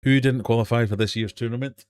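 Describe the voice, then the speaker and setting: A man's voice: mid-range voice, fairly even intonation, quick pace, darkish tone, clear, resonant tone, dry recording. A man with a British accent hosting a live-stream quiz from his fish room, reading questions and joking with the chat. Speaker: quiz host.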